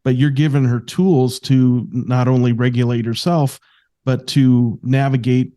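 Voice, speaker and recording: A man hosting an interview show, responding to his guest calmly and supportively. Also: medium pitch, a little slow. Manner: calm, supportive, reflective. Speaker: podcast host. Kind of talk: casual interview talk.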